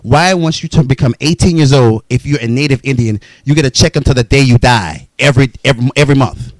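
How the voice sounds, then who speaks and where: A man's voice: mid-range voice, fast talker, no echo, rough recording. A man telling his own life story in a blunt, profane, heated monologue.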